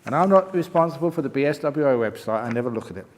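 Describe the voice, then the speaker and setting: Speaking rapid-fire with lively intonation at a medium pitch, an older man fields questions at a meditation retreat. He is a Buddhist monk giving a humorous Q&A talk, joking and laughing at his own punchlines. A long reverb tail follows his words, with slight background noise.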